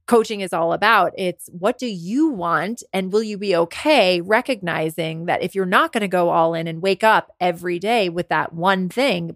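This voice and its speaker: Recorded at studio quality with no echo, a woman of about forty speaks at medium pitch. She hosts a podcast and works as a business coach, sharing a candid personal story about being worn out and unwell, and her talk turns emotional with lots of restarts.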